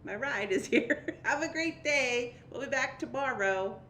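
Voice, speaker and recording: Chatty young woman host, animated voice, faint hiss behind her. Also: high-pitched, a little slow, reverberant. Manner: chatty, laughs often, reads viewer comments aloud. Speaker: livestream host. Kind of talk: casual chat.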